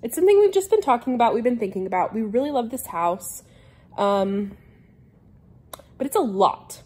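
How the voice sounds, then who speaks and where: Young female vlogger, casual and scattered, airy, breathy voice, talking to camera from home. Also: a little high, sing-song, moderate pace, a little mellow. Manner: chatty, scattered and rambling. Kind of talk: casual vlog chat. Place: home living room couch.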